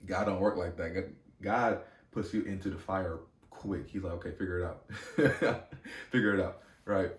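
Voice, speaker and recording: Low-voiced man telling a story, echoey room. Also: unhurried, recorded from a distance. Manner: animated, slangy, many fillers and restarts. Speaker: podcast host. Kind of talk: casual storytelling monologue.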